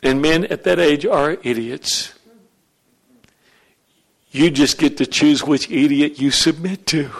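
A man's voice: fairly high pitch, slow pace, creaky, long pauses. A middle-aged man preaching a sermon as pastor, acting out questions from the congregation and answering them.

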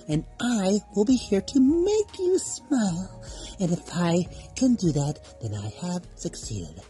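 A woman's voice: low voice, dark tone, heavily acted. Woman playing a crude enchanted unicorn. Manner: sugary politeness turning to crude insults. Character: foul-mouthed self-proclaimed enchanted female unicorn host. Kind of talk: comedic voice acting.

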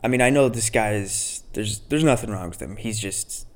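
A man's voice: on the low side, normal speed. A man hosting a podcast, telling stories in a laid-back, rambling way with casual swearing. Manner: laid-back, profane, storytelling. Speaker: podcast host.

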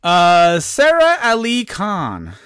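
A man's voice: high voice, huge pitch swings, takes it slowly, a bit bright, clear, resonant tone. A man hosting a comedy podcast, reading quiz questions in a playful, mock-serious way. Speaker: podcast host.

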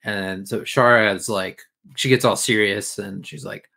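A man's voice: sits low, little pitch movement, moderate pace, pushed and bright. A man chatting casually as a podcast co-host, recapping an episode in a rambling, crude way full of fillers. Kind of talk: casual chat.

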